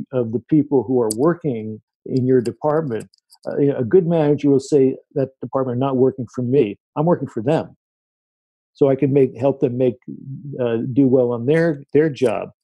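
A man's voice: mid-range voice, slightly rough, no echo. A man being interviewed as an author, answering at length with stories and quoted remarks. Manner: anecdotal, animated when quoting people.

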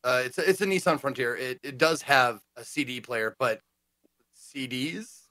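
Bright, dry-sounding male co-host. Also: mid-range voice, moderate pace, no room sound. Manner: playful, breaks into mock announcer voices. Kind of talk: casual chat.

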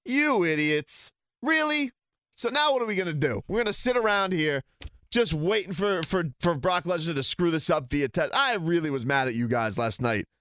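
A man's voice: fairly high pitch, lively intonation, normal speed, a bit bright, clear, resonant tone, no room sound. A man ranting heatedly and sarcastically as a sports talk host.

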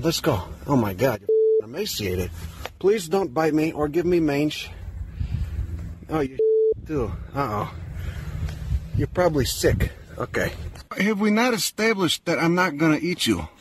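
A man with a heavy Chicago accent, his voice pitched fairly high as he hushes and rambles. He talks on in a soothing, coaxing way, with faint background noise from a phone video. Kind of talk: talking to a wild animal.

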